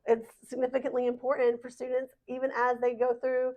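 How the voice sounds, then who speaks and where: A woman's voice: sits high, completely flat delivery, fairly quick, darkish tone. A woman co-presenter speaking earnestly and emphatically at a conference session. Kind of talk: presentation talk.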